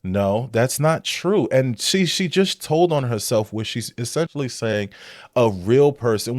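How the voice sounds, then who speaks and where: A man talking through a clip in casual commentary, blunt and incredulous. His voice swings widely between low and high in pitch, and the sound is dry with no room to it. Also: a little mellow, no echo. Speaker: reaction commentator.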